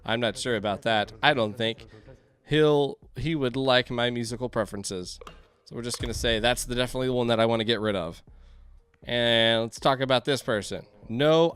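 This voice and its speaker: A man's voice: mid-range voice, a bit bright, clear, resonant tone. A man streaming a game live, reading the on-screen text aloud and joking with his chat in a chatty, casual way.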